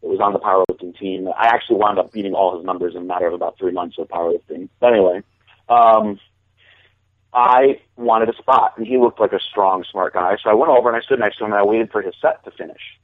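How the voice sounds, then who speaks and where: A man chats casually and tells a long story, often doubling back on words before he finds his sentence. His voice sits low. It comes through a dry, narrow phone-like line. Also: fast, no room sound. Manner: rambling, repeats words when starting sentences. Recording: dry, phone-like call audio.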